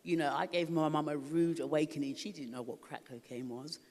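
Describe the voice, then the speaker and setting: A woman's voice: deep voice, steady tone, fairly quick, a little mellow, in a large hall. A middle-aged woman from Africa, giving a candid, emotional personal testimony at a recovery ministry, laughing often.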